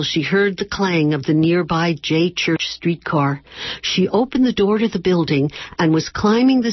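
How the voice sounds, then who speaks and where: A woman author reading her novel aloud slowly and measuredly, then chatting as a radio guest. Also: fairly low pitch, slightly rough, no echo, highs cut off. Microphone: radio studio microphone.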